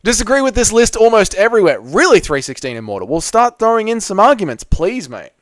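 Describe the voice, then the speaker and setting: A man hosts a casual live stream, reading out viewer comments and joking back at them. His voice is a touch higher than most men's, and the close desk mic gives a dry sound with no room echo. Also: sing-song, fast talker. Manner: loose, joking, banters with viewers.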